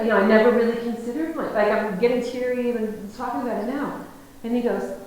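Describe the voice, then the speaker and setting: An American woman lecturer tells her story in a rambling, self-interrupting way, often restarting mid-sentence. Her voice sits fairly high, and a strong echo fills the hall, with faint noise underneath. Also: steady tone, fast talker, darkish tone. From United States. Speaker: guest lecturer.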